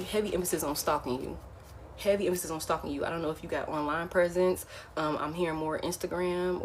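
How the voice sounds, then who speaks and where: Speaking in a low, darkish voice over faint hiss or hum, a tarot reader delivers a blunt, casual reading, keeps repeating key phrases, and addresses the listener as "baby."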